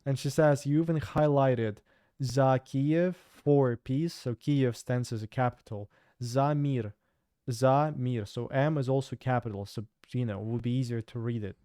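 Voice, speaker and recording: Young guy doing sarcastic news chat, smooth mellow voice, dry close mic. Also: medium pitch, steady tone, moderate pace, no room sound. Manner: sarcastic, chatty, with fillers and restarts. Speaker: host. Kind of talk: casual news commentary.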